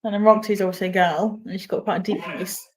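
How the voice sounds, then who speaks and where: A woman's voice: medium pitch, fairly even intonation, fast. A woman vlogging as a pet sitter, talking to dogs in playful baby talk and echoing their howls. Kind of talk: casual vlog chatter to pets. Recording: echoey room.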